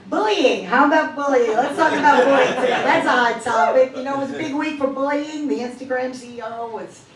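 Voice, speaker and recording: Middle-aged woman, stand-up comic, self-deprecating asides, fairly high voice, echoey club recorded from a distance, crowd laughing. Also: a little fast. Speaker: stand-up comedian. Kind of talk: stand-up comedy set. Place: comedy club stage. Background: audience laughter.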